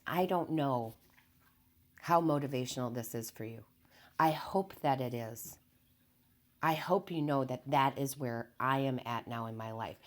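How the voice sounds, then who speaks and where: A woman with a strikingly deep, low voice gives a spiritual motivational talk to her viewers as a tarot reader. She speaks calmly and earnestly, repeating her key phrases and keeping things unhurried and never hyped up.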